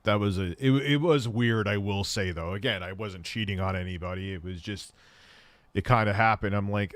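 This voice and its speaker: A man's voice: lowish voice, moderate pace, fairly bright tone, no room sound. A man in his thirties hosting a livestream, answering chat questions in candid, rambling, self-deprecating stories.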